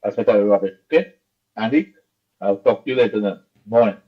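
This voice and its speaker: Insistent caller on a dull line. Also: male voice, lowish voice, a little fast. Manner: insistent, blunt. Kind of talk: phone-in complaint.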